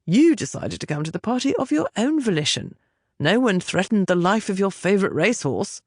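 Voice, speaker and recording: A woman voicing a composed young aristocratic gentleman who speaks mildly and evenly, in an audiobook. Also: sits high, brisk, no room sound, studio quality, full character voice. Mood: reasoning. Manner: mild, even, unruffled.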